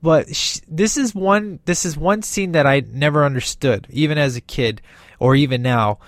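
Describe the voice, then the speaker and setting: A man giving a casual, rambling movie review, excited and acting out bits of scenes in quick voices. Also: on the high side, no room sound, clean studio sound.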